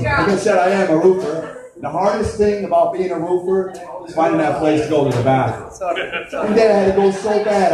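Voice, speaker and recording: A man doing crude, rowdy stand-up comedy at a live show. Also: high voice. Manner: crude, rowdy joke delivery. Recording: echoey live venue from far off with crowd.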